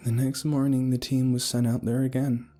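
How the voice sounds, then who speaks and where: A man's voice: medium pitch, flat delivery, moderate pace, dark tone, voice pushed up, close to an everyday voice. A man voicing a grown woman who recalls a childhood ordeal in a plain, reflective storytelling way.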